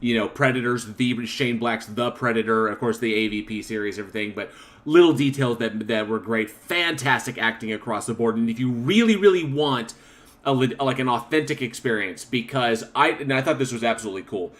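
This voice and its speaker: A man's voice: mid-range voice, fairly quick, a bit bright. A man hosting a casual podcast, reading viewer comments aloud with frequent laughter. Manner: reads chat comments aloud, laughs often. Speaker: podcast host. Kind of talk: casual chat.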